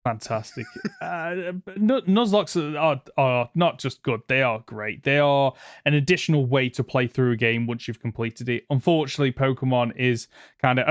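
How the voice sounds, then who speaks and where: In a casual debate on his podcast, this man keeps starting over, leans on fillers, drifts off topic and laughs readily. He speaks at a medium pitch and moderate pace, with clean, echo-free studio sound.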